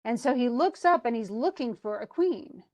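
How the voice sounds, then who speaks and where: Woman teacher, kinda high voice, super casual, lots of um and you know, retelling an old epic to the class. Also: animated, moderate pace, a little mellow. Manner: chatty and informal, many fillers and restarts.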